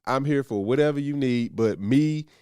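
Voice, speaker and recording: A man's voice: mid-range voice, normal speed, smooth, no room sound. A man in his thirties co-hosting a podcast, telling stories animatedly and acting out the people he quotes. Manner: animated storyteller, acts out quoted voices. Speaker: podcast co-host. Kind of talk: casual chat.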